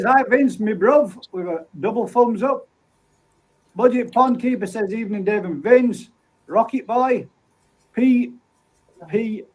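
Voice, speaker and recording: Reading comments from viewers one after another, this livestream host greets people by name in a relaxed, friendly way. His voice sits fairly high for a man, and the audio quality is poor.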